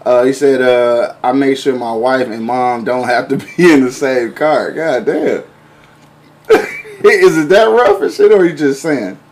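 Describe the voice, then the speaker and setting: A man's voice: mid-range voice, a little slow, a little mellow, a little hiss or hum. A man hosting a live radio show, chatting in loose, slangy banter. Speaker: host. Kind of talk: casual radio show chat.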